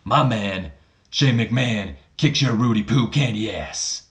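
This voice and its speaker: A man doing a put-on voice of an angry wrestler with rough street trash talk. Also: on the low side, measured pace, a bit bright. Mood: taunting.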